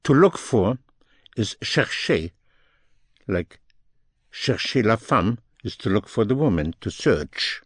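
A man teaching French phrases, explaining each one slowly and repeating it in both languages. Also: on the low side, sing-song, no echo, studio quality. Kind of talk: slow, deliberate language lesson.

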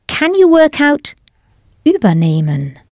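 A woman's voice: high-pitched, wildly swooping pitch, slow pace, darkish tone, no room sound, clean studio sound. A woman teaching a scripted language lesson, enunciating carefully and prompting the listener with questions.

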